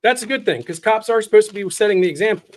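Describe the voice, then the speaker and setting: A man's voice: high-pitched, quick pace. A man hosting an interview, chiming in with short supportive comments. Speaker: host. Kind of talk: casual interview chat.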